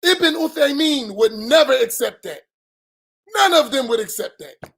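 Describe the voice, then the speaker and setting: A middle-aged imam, giving an emphatic post-dawn-prayer talk full of rhetorical questions and bursts of raised voice. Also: male voice, extremely high pitch, animated, a little slow, a bit bright. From United States.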